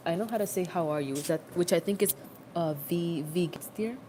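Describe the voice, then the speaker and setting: A woman's voice: on the low side, fairly quick, noisy background. A young adult woman rambling in a casual, self-mocking livestream chat, recorded on a phone.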